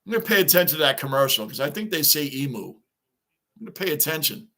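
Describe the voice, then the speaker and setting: A man's voice: on the high side, very animated, fast, sharp tone. A man hosting a live stream, chatting casually as he reacts to a baseball game and reads viewer comments aloud, sounding like a frustrated fan.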